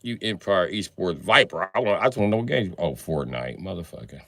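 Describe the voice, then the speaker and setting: A man's voice: deep voice, expressive, fairly quick, gravelly, bright, forceful tone, no room sound. A man in his forties chatting casually on a livestream, answering viewers with profane, slangy, joking banter. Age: 40s.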